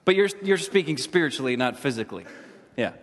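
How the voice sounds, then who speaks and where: A man leading an interactive Bible lesson in a church, animated and jokey, often asking the group questions. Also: medium pitch, fast talker, long reverb tail. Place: church hall.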